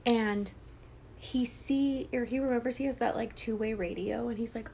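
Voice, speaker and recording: A woman's voice: fairly high pitch, normal speed, gravelly, mellow, a little hiss or hum. A young woman casually retelling a horror novel's plot, slipping into whispers and acting out the characters' lines with lots of swearing. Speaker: book vlogger.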